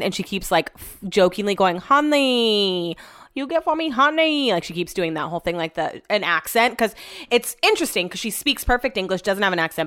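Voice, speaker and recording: A woman's voice: on the low side, fairly bright tone. A young woman at home chatting casually through a rambling storytime vlog, frank and loose with swearing. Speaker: vlogger. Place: home, indoors.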